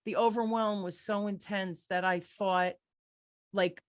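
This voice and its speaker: A middle-aged woman hosting an interview, telling a personal story in a candid, energetic way. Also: medium pitch, measured pace, no echo, clean studio sound. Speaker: podcast host.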